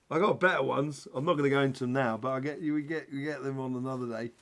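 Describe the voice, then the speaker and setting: A man's voice: mid-range voice, fairly bright tone. A man hosting a live spiritual Q&A, talking in a rambling, chatty way with jokes. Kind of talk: casual live-stream talk.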